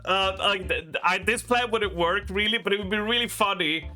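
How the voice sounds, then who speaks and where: A man's voice: high-pitched, normal speed, bright, forceful tone, faint music behind. An Australian man chatting casually while streaming a game, rambling with lots of fillers and frequent laughter. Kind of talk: casual chat while gaming.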